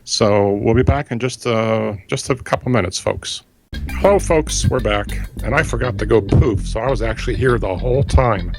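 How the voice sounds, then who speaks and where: A man's voice: lowish voice, fairly quick, few pauses, music in the background. A man hosting a radio interview, jokey and playful in his asides. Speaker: radio show host.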